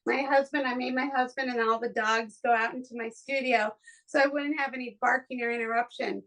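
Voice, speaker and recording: Woman, podcast host, slightly high voice, effusive and emotional, rambling, home studio. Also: fairly even intonation, brisk, fairly bright tone, poor audio. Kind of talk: casual chat.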